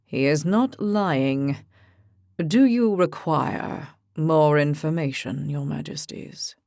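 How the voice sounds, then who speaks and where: A solemn, commanding oracle speaks in a low, deliberate voice, put on by a woman narrating an audiobook. Each word falls slowly and gravely. The sound is dry and close. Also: darkish tone, no echo, heavily acted.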